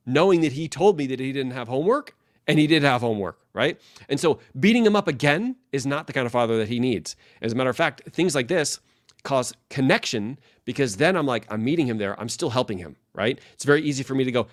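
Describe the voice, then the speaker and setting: A man in his thirties or forties coaches leaders in a loose, talkative way. He rattles along quickly in a mid-range voice, full of energy, and keeps checking in with little "right?" asides. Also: mid-range voice, lively intonation. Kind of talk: casual direct-to-camera talk.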